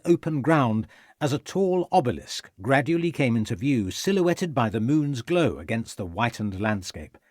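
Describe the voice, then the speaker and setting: Male audiobook narrator, expressive and dramatic, husky voice with lively pitch. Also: no echo, studio quality.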